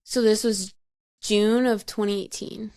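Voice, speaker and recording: A woman's voice: medium pitch, fairly even intonation, measured pace, darkish tone, no echo. A woman recounting her past as a podcast guest, frank and matter-of-fact, laughing at herself and peppering her talk with "like". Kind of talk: candid personal storytelling.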